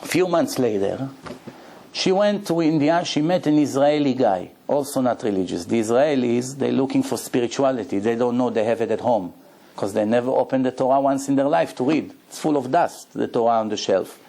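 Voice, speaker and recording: A rabbi tells a long story with a gravelly, mellow voice, acting out every exchange as he goes. His English is broken, and he drives the tale forward in the rhythm of a lecture. His tone stays steady and unhurried throughout. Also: mid-range voice, a little hiss or hum. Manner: animated storyteller acting out dialogue; broken, non-native-sounding English grammar.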